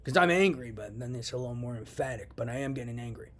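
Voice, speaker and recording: A man's voice: mid-range voice, expressive, fast, a bit bright. A young man delivering a heated, profane monologue, repeating himself as he vents. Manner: heated, profane ranting with repetitions. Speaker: vlogger. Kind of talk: angry monologue to camera.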